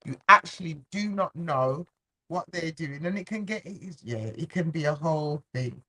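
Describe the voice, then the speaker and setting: A woman's voice: low voice, lively intonation, moderate pace, sharp tone, breathy edge. Frank woman co-host. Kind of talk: casual live stream chat.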